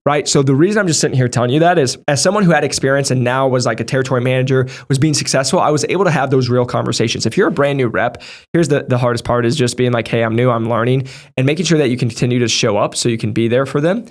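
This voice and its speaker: A man coaching new sales reps in a brisk, direct way. He talks fast and stays conversational, speaking straight to his viewers at a medium pitch. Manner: direct, conversational, talks through past situations. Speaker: medical device sales trainer. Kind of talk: casual advice talk to viewers.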